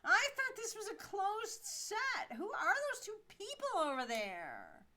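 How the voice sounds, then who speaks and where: A woman's voice: huge pitch swings, slow pace, pushed and bright, slight background noise, heavily acted. A woman voicing a fussy young actress in a game, whining and pouting about the set. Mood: whiny. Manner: high whining pout.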